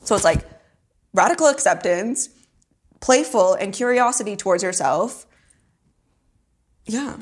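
A woman's voice: mid-range voice, expressive, measured pace, long pauses. Giggly young woman, casual chat. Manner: laughs often, heavy use of "like", swears casually.

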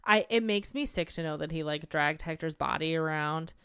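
A woman's voice: sits low, normal speed, crowd noise. A young woman co-hosting a podcast, speaking expressively and emotionally about a book, often trailing off mid-thought. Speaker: podcast co-host. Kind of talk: casual book chat.

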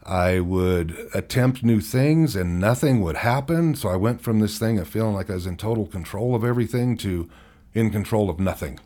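Deep-voiced middle-aged man telling his story. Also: expressive, dark tone. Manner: frank, halting, chuckles wryly through hard memories. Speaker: interview guest. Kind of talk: candid personal storytelling.

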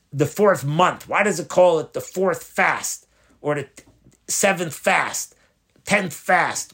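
A rabbi giving a spoken Torah lesson, explaining step by step, posing questions and answering them, often restarting and rephrasing mid-sentence. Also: male voice, medium pitch, a bit bright. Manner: explanatory, asks and answers his own questions. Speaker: rabbi teaching a Torah class.

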